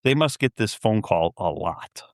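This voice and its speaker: A man's voice: on the low side, animated, a little slow, dry recording, studio quality. A middle-aged man on a podcast telling a story, acting out both sides of a phone call and laughing in disbelief. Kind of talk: casual storytelling.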